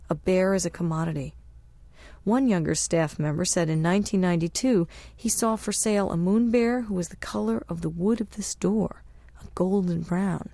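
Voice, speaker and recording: A woman narrating a travel memoir as an audiobook, in a measured, unhurried reading. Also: mid-range voice, vocal fry, mellow, no room sound.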